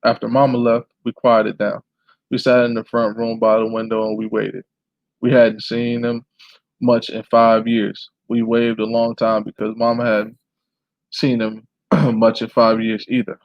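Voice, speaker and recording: A man reading a memoir aloud in a plain, steady way, now and then clearing his throat. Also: medium pitch, a little slow, no room sound, highs cut off. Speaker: reader.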